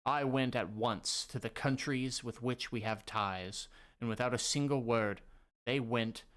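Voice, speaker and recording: A man's voice: mid-range voice, a bit bright, lightly acted. A man reading a manga aloud and voicing a solemn, older giant king. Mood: grave. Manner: grave and measured.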